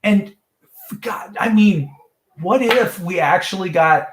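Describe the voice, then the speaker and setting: A man's voice: slow, roomy sound, noisy background. A man chatting loosely on a live stream, joking and jumping between topics. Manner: joking, jumps between topics, mimics voices in high falsetto. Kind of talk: rambling live stream chat.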